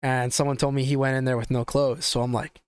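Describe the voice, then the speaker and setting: A man's voice: medium pitch, fast talker, clear, resonant tone, no echo. A young man hosting a podcast, telling a story in a casual, profane, rambling way. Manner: profane, animated, rambling with restarts. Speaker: podcast host.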